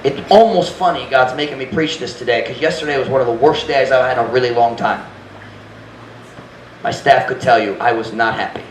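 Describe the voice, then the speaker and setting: In a church sanctuary, a pastor with a medium-pitched voice preaches frankly and earnestly at a fairly quick pace, acting out his own prayers. The room is echoey, with faint noise.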